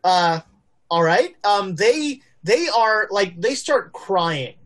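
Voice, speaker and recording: Woman game master, slow and lively delivery, halting narration with fillers. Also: medium pitch.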